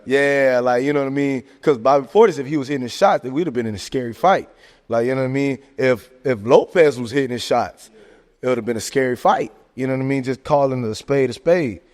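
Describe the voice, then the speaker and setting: A man talking sports casually on a podcast, animated and joking, tossing in "man" and "hey, look" constantly. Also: medium pitch, fairly quick. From American South. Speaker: podcast host. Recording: long hall reverb.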